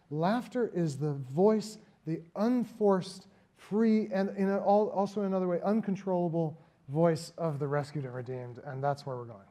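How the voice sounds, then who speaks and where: A male author with a fairly high voice speaks before a live audience. He is reflective and thoughtful, then turns animated when he tells a story, and he laughs often. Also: normal speed.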